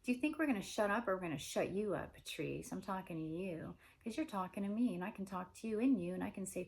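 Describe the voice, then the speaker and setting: A woman with a mid-pitched voice talks alone in a long, rambling monologue. She strings question after question together and swears constantly. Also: expressive, fast talker, gravelly, hardly any pauses, a little mellow. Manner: run-on questions, heavy swearing.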